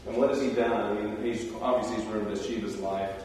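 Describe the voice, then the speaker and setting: A man's voice: lowish voice, a little fast, slight background noise. Guy preaching, chatty storytelling sermon, big echoey church, mic kinda far off. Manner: conversational storytelling, animated asides. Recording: roomy hall, distant mic.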